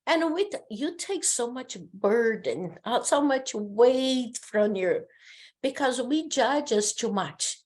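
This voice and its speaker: A woman's voice: a little high, slow. A middle-aged woman with a Brazilian Portuguese accent, Portuguese her first language, telling personal stories as a podcast guest in casual conversation. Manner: storytelling, animated personal anecdotes.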